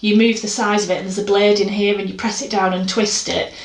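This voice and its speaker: A woman's voice: mid-range voice, flat delivery, brisk. A woman chatting casually about her art, rambling and self-deprecating. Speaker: artist vlogger. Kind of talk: casual chat. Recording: echoey room, faint noise.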